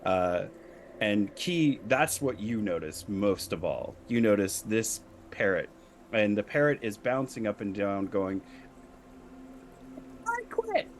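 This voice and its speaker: A man narrating a tabletop game as game master, describing scenes in a halting way with many fillers and restarts. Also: on the low side, lively intonation, a little hiss or hum.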